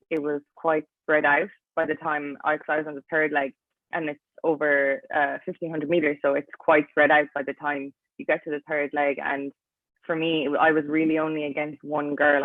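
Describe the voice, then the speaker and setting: A young Irish woman in her twenties with a low-pitched voice is an athlete guest in a casual interview. She's chatty and drops "like" into nearly every phrase, heard over a tinny, dry, phone-like line with no room sound.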